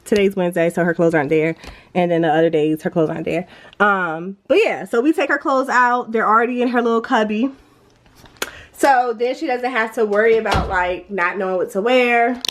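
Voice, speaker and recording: A woman's voice: mid-range voice, a little fast. A young adult woman with a stuffy, congested voice, chatting casually at home in a vlog and rambling with lots of fillers. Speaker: vlogger and mother. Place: at home, indoors.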